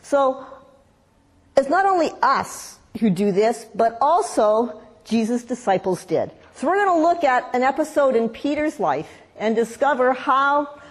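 A woman preaching a sermon, telling a story in a lively way and acting out the voices in it. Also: a little high, breathy edge. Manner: animated storytelling, acts out voices in quotes. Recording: long hall reverb.

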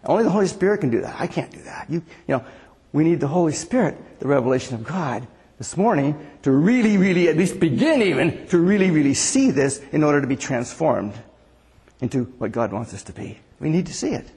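A man's voice: a little high, big pitch swings, fairly quick, a little mellow. A man preaching a conversational sermon as pastor, asking the congregation questions. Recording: long hall reverb.

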